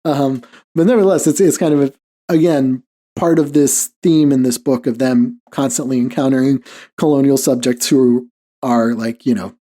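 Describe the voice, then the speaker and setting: Mellow-voiced man rambling casually. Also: mid-range voice, fairly even intonation, normal speed. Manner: rambling, heavy on "like" fillers, chuckles often. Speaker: podcast host. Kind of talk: casual podcast chat.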